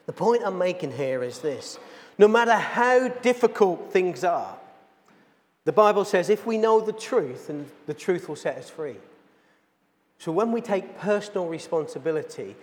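A man's voice: sits high, expressive, moderate pace, darkish tone, big-room sound. A man, a pastor giving an earnest sermon, telling a plain-spoken story to his congregation. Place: church.

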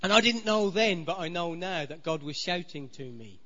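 High-voiced preacher in a reverberant church. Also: male voice, animated, normal speed, bright, forceful tone, highs cut off. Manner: preaching with rising and falling emphasis. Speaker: pastor. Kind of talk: sermon.

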